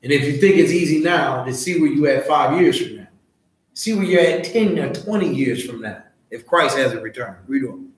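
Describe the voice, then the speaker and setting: A man teaching a scripture class, loud and profane, fired-up like a street preacher. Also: a little high, lively intonation, normal speed. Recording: very echoey room.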